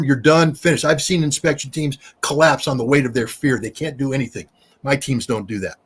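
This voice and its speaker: A man's voice: medium pitch, slightly rough. A middle-aged man, a former weapons inspector, talking emphatically in a casual interview. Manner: emphatic, animated storyteller.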